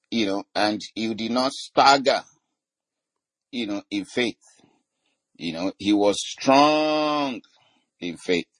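A man preaching a sermon, quoting scripture and filling his talk with "you know", slowing down to stress key words. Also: fairly low pitch. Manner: teaching with many "you know" fillers and scripture quotes.

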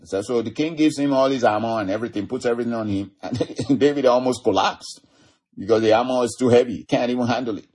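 A preacher retelling scripture stories in a loose, chuckling way, drawing lessons for his listeners. His voice is husky and sits at a typical pitch for a man. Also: quick pace, darkish tone. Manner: storytelling, chuckling often. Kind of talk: sermon.

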